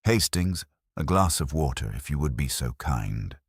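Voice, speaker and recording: A man voicing a shrewd, fastidious older Belgian detective who speaks precisely and courteously and drops in French phrases. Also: extremely low pitch, lively intonation, slightly rough, dry recording, studio quality, full character voice.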